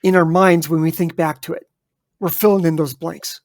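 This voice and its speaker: This podcast co-host is a man with a fairly high, fairly even voice at a moderate pace. Chatting casually, he speaks emphatically and addresses listeners directly, in a dry, studio-quality recording.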